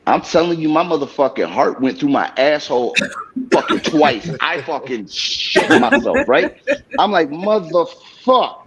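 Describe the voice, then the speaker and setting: A man's voice: fairly high pitch, expressive, moderate pace. A man hosting a casual podcast, telling a story full of profanity, often laughing and acting out other people's voices. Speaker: podcast host. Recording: slightly dull lo-fi sound.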